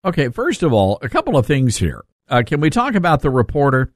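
A man's voice: medium pitch, wildly swooping pitch, brisk, no echo, studio quality. A man hosting a talk radio show, joking and self-mocking as he talks. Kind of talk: casual talk radio monologue.

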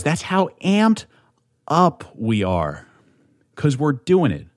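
A man's voice: fairly high pitch, very animated, takes it slowly, dry recording, clean studio sound. A young man hosting a solo podcast, talking in an amped, rambling way with lots of swearing and restarts at a desk mic. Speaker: podcast host.

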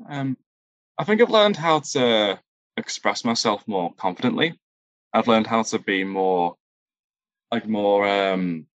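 A man answering interview questions about improv, talking haltingly and often searching for the right word. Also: fairly low pitch, fairly bright tone, dry recording. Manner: halting, searches for words, many fillers. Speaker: improv performer, guest.

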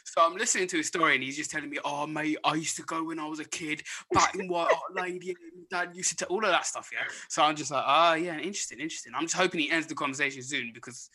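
Young guy, co-host, rapid and sharp-toned, animated storyteller. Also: a little high. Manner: animated storyteller, mimics other people. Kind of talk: casual podcast chat.

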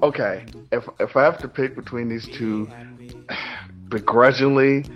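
A man answering an interview question in a halting, self-correcting way. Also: medium pitch, fairly even intonation. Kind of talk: casual street interview answer. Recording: dull lo-fi recording, faint music.

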